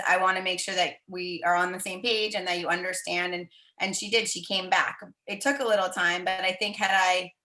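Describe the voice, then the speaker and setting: A bright, clear-toned woman tells a story on a video call. She talks in a chatty, animated way and slips into the voices she quotes, with a roomy echo around her. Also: mid-range voice. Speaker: team member sharing a story.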